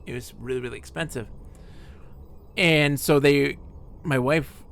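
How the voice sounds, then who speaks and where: A man streaming a game, telling a rambling personal story in a chatty, animated way. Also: mid-range voice, unhurried, gravelly. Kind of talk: casual storytelling while playing a game.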